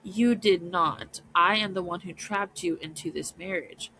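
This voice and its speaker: A woman's voice: lowish voice, a little slow, bright, forceful tone, slight background noise, poor audio. A woman voicing a proud, sheltered young noblewoman, reading her dialogue in a clipped, formal way. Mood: pained.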